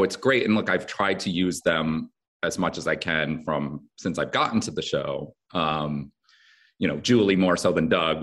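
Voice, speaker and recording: A man's voice: deep voice, fairly bright tone. A man who writes a daytime drama, talking casually in an interview and rambling with lots of fillers and restarts. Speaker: soap opera head writer.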